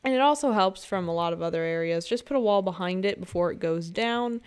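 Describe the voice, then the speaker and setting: Young woman, smooth clear voice, chatty game guide, playful joking asides. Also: mid-range voice, a little fast. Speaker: gaming guide creator. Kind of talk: casual game tutorial commentary. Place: home.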